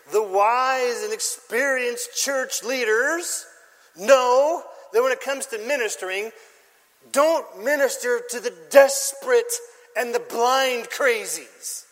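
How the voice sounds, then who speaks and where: High-voiced pastor preaching in an echoing church. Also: male voice, takes it slowly, a bit bright. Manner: emphatic, quizzes the congregation. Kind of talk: sermon.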